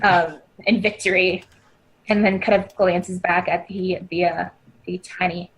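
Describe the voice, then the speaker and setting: A woman's voice: on the low side, fairly even intonation, unhurried, low-quality recording. A woman playing a tabletop role-playing game, describing her character casually and giggling. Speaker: player.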